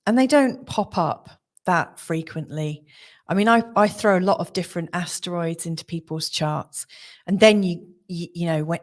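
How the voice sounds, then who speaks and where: A woman's voice: lowish voice, a little mellow. A young adult woman hosting a live astrology stream, talking in a chatty, rambling way full of fillers and little laughs. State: out of breath. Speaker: astrologer host of live readings. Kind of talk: casual live-stream chat.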